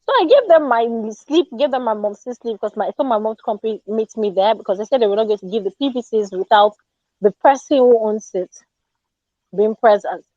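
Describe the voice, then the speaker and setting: A Nigerian woman telling an indignant story in a casual, animated way, slipping into Pidgin. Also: on the high side, a little fast, no echo, muffled recording. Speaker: Twitter Space speaker.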